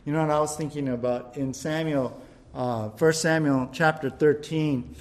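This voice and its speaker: A man's voice: on the high side, steady tone, moderate pace. A man preaching a sermon in a casual, conversational way, often asking "right?" and acting out quoted voices. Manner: repeats words, frequent "right?" asides. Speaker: pastor.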